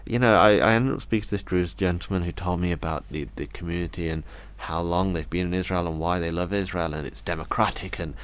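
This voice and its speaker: A young man from Britain speaks in a very low register, earnest and reflective as he recounts his story to an interviewer. He stumbles and restarts often, pausing to quote the people he met. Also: fairly even intonation, clear, resonant tone. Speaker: interview guest.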